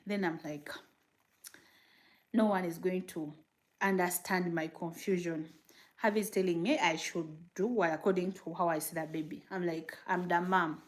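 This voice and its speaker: Woman vlogger, casual livestream chat, lively and rambling. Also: lowish voice, moderate pace. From Uganda. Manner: animated, rambling, reading viewer comments. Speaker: vlogger and new mother.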